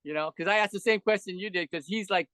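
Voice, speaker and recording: A man's voice: sits high, fast, bright, forceful tone, no echo. A man in his seventies, a veteran animator guest, rambling through stories in a casual interview chat. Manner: rambling storyteller who acts out quoted voices.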